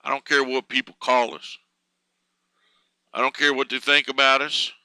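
A man preaching a sermon fervently, swelling louder and slower on key words. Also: medium pitch, level tone, clear, resonant tone, dry recording, rough recording.

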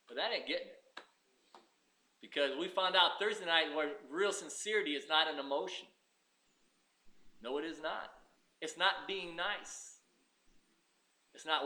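A man's voice: high voice, lively intonation, unhurried, long pauses, sharp tone. A man preaching a sermon as pastor, emphatic and repeating his points.

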